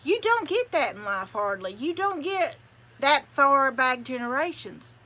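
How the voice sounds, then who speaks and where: An older woman talks in a slow, easy drawl, wandering from thought to thought in folksy chat. Her voice sits a little high and comes across bright and lively. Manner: rambling, chatty, folksy. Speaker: channel host. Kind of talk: casual livestream chat.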